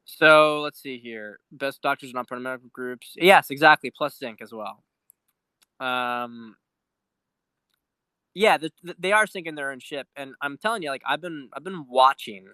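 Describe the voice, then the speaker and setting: A man's voice: mid-range voice, moderate pace, pushed and bright, smooth, no room sound. A man hosting a casual political commentary livestream, talking in a rambling, profane way with many restarts and repeated words, reading out viewer questions. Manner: reads viewer questions aloud. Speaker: livestream host.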